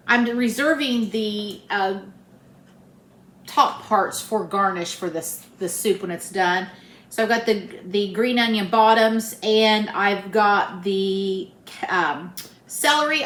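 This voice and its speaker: A woman with a fairly bright voice on the high side chats folksily to viewers while cooking in her home kitchen as a cooking vlogger. The recording sounds roomy, with the hum of the central air conditioning running in the background.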